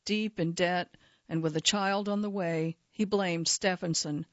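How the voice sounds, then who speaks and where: A woman narrating a true-crime story in a measured, steady scripted delivery. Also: lowish voice, no echo. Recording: slightly dull, dry studio sound.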